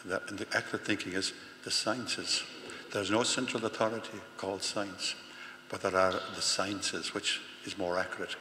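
Man, 60s, parish priest, funeral homily, halting, repeats words, low bright voice, echoey church, faint hum. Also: level tone. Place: large church.

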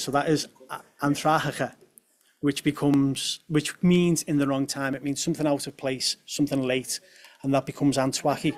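A man's voice: mid-range voice, a little hiss or hum. A young man from presents a talk to an audience and drops in light humorous asides. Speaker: speaker at a talk on language.

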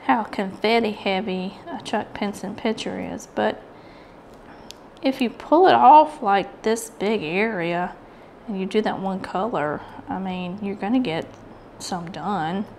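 Medium-pitched, a little mellow, and measured in pace, this Southern US woman hosts a casual craft video. She's chatty, rambling, and self-deprecating while she works, with slight background noise behind her.

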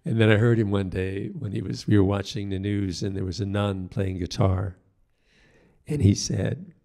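An older man, a priest, telling stories from his past in a reflective, halting way and acting out the voices of the people he quotes. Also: fairly low pitch, creaky, mellow. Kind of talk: storytelling talk.

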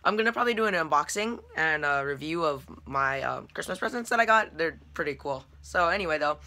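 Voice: mid-range voice, lively intonation, normal speed, sharp tone. A chatty, self-deprecating vlogger talking casually to the camera. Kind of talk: casual vlog chat. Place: store, then at home.

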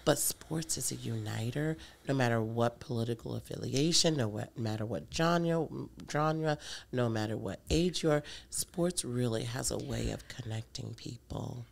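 A woman's voice: extremely low pitch, moderate pace, creaky. A woman guest on a podcast, talking with bubbly enthusiasm and laughing easily. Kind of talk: casual conversational interview.

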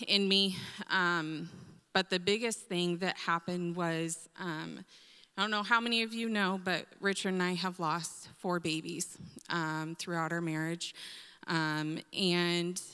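A woman shares her testimony with the congregation, pausing often and filling gaps with ums. Her voice is a little low, yet bright and smooth. A long church reverb trails each phrase. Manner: hesitant, many pauses and ums. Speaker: church member sharing a testimony. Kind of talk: mission trip testimony to a congregation. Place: church sanctuary.

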